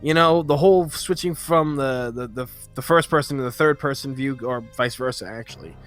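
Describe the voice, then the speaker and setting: A man's voice: medium pitch, fairly quick, a bit bright, soft background music. A man co-hosting a podcast in casual chat, rambling through his points. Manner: rambling, with many fillers and restarts. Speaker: podcast co-host.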